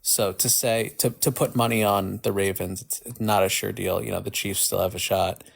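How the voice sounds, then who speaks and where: A male caller with a gravelly, lowish voice and a flat, monotone delivery. He talks casually and argues his point steadily. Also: normal speed. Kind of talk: casual chat.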